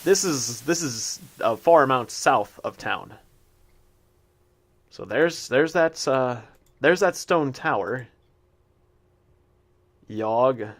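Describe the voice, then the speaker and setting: A man's voice: medium pitch, expressive, takes it slowly, long pauses. A man giving casual commentary while he plays a game, chatting to the animals he meets and reading the game's text aloud. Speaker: gameplay commentator. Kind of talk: casual let's-play commentary.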